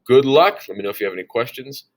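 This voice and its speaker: A man's voice: medium pitch, expressive, fast. A man teaching a recorded lesson walk-through, talking casually and chattily and often checking in with "all right?". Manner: folksy asides. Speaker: science teacher.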